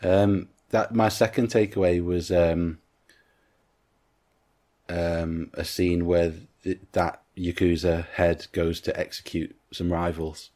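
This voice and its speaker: A man with a very deep voice that barely rises or falls talks casually about a film he has watched. He retells scenes in detail and slips into quoting what the characters say. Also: little pitch movement, takes it slowly, a little mellow. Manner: recounts scenes at length, acting out lines. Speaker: podcast co-host.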